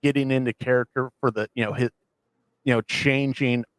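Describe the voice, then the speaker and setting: A man co-hosting a casual podcast, rambling with many restarts as he excitedly retells scenes. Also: medium pitch, normal speed, smooth, dry recording. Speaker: podcast co-host. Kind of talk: casual chat.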